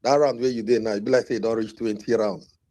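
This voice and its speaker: Nigerian pidgin man, mellow dark voice, dry close sound, calming tone. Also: on the low side, quick pace, dry recording. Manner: soothing, mediating, drops into Pidgin. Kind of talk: live audio chat.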